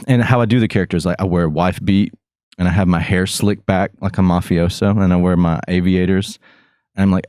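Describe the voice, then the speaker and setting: A man hosting a podcast, chatting casually in a goofy, rambling way. His voice sits low. The recording is dry and close. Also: fairly even intonation, a little fast, darkish tone, smooth, no echo. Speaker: podcast host. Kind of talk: casual chat.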